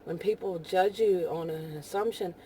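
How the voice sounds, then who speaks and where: A woman with a Texan accent rambling casually in a vlog while driving, full of "you know" fillers and soft laughs. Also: lowish voice, normal speed, a little hiss or hum. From Texas. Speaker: vlogger.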